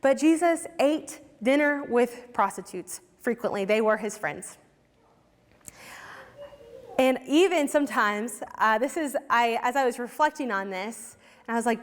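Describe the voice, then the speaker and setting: A young woman with a fairly high voice talks earnestly to a congregation, in a casual way with many ums and restarts. Her voice rings with the long reverb of a church hall. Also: normal speed. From Ohio, USA. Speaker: youth ministry worker speaking at church. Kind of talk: church talk with personal stories.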